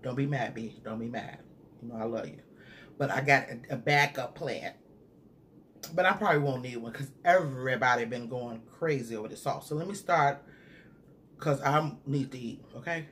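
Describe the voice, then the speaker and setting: A man's voice: medium pitch, normal speed, fairly bright tone, slight background noise. A man in a casual food-review vlog who chats straight to his viewers and hums and murmurs while he eats. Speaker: mukbang vlogger reviewing a sauce.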